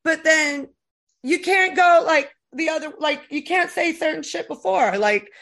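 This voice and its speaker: This high-voiced, unhurried speaker is a middle-aged American woman chatting casually on a podcast. She spins animated tales, cursing freely and leaning on lots of fillers.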